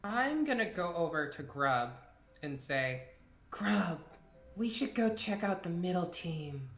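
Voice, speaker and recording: Confident woman player, lowish voice, echoey room. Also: very animated, takes it slowly. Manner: confident, teasing. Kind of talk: tabletop role-play.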